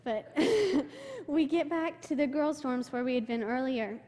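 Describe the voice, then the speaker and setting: A young woman speaks to a church congregation about her mission trip, her voice sitting a little high. She tells the story with feeling and slips into quoting the people she met. Her voice carries a long reverb from a large hall. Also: expressive, a little slow, warm tone. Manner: emotional storytelling, quotes people in her own voice. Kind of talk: personal testimony to a church. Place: church sanctuary.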